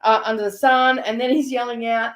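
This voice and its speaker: An Australian woman with a fairly high voice, chatting casually as she tells a long, funny story. Her delivery is animated and full of asides. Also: brisk. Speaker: host.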